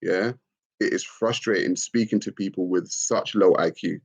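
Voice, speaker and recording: A man hosting a live stream, talking expressively and mockingly, often leaping into shrill put-on voices. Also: normal speed, slightly rough. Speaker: livestream host. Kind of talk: animated live-stream rant.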